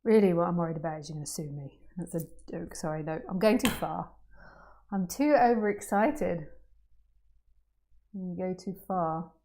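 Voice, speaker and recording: A woman giving a spiritual talk to a group, playful and jokey, swinging from hushed questions to excited outbursts. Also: on the low side, moderate pace, long pauses. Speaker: non-duality teacher.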